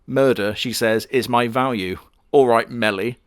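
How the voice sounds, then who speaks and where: A man's voice: medium pitch, unhurried, clear, resonant tone, dry recording, studio quality. A man giving crude, sarcastic comedic commentary on an anime, full of mocking asides. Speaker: anime reviewer.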